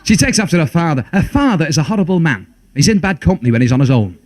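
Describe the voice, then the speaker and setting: A man's voice: a little high, big pitch swings, fast, darkish tone, slight background noise. A man with a Liverpool accent doing a stand-up comedy routine, chatty and full of stumbling asides.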